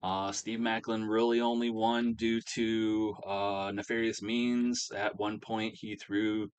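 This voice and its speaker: A man's voice: on the low side, flat delivery, takes it slowly, clean tone. A man casually recapping a wrestling simulation game, rambling with many fillers. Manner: rambling, filler-heavy storytelling. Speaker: game commentator.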